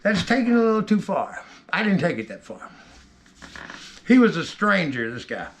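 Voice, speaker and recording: A man telling a rough story from his own past in casual, rambling talk, heavy with cursing. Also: high-pitched, very animated, moderate pace, a little hiss or hum.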